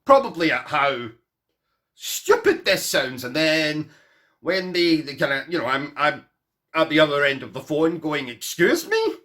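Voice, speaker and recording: A man chats to camera, spinning a comic personal story with a bright, forward tone. His pitch swings up and down as he rambles through asides, poking fun at himself. He sounds like a casual vlogger talking to his viewers. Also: a little slow. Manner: animated, self-mocking, rambling with asides.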